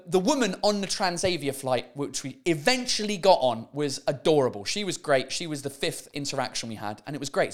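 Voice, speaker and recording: A man hosting a podcast, telling a story as an exasperated, profane comic rant. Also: a little high. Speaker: podcast host.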